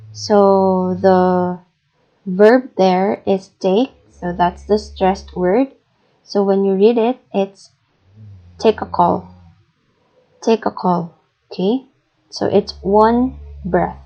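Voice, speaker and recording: A Filipino woman teacher talks through a recorded lesson at an unhurried pace, patient and deliberate, saying example phrases slowly. Her voice is mellow, and the recording is dull and lo-fi. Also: medium pitch. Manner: patient and deliberate, many fillers, models phrases aloud slowly. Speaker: English teacher.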